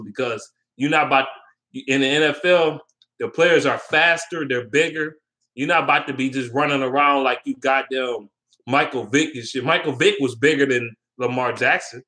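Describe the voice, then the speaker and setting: Bright-voiced man rambling about sports. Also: medium pitch, fairly even intonation, moderate pace. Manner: rambling and opinionated, with loose slang and frequent ums. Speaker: sports vlogger. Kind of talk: casual sports talk.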